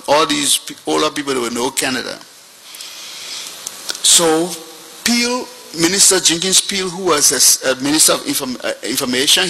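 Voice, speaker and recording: A man's voice: fairly high pitch, gravelly, bright, forceful tone, slightly rough, poor audio. An older man with a Liberian English accent telling a story as a witness at a hearing, animating the people he quotes. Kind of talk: storytelling testimony.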